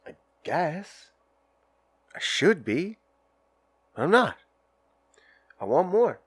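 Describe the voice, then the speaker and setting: A man's voice: fairly high pitch, sing-song, extremely slow, husky, no echo. A man hosting a casual podcast, ranting in a crude, profane, rambling way and acting out little scenes while smoking a joint. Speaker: podcast host. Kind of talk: casual solo podcast rant.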